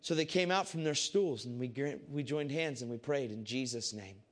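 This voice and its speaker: A man giving a casual, animated Christian testimony to a group. He swings between loud excitement and hushed intensity. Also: medium pitch, moderate pace. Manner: casual, repeats "I said" often. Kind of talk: testimony storytelling to a crowd.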